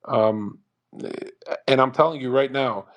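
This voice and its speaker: A brash man hosting a live audio chat, talking fast and profanely and mocking others with put-on voices. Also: mid-range voice. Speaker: host of a live audio space.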